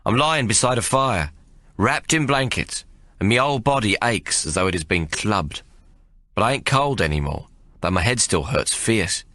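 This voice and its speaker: A man narrating an audiobook in the first person, in a rough working-class storyteller's dialect. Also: on the low side, lively intonation, normal speed, pushed and bright, dry recording, clean studio sound.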